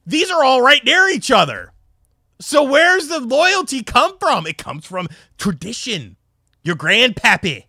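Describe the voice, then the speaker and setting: A man's voice: high voice, wildly swooping pitch, a little slow, pushed and bright, dry recording, clean studio sound. A young man from North Carolina, chatting on a casual livestream and telling rambling, profane stories full of fillers. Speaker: streamer.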